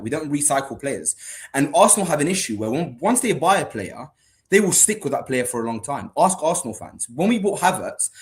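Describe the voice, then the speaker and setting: Fast-talking, excitable man. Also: mid-range voice. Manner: excitable, pleading to be heard. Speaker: podcast panelist. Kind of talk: heated football debate.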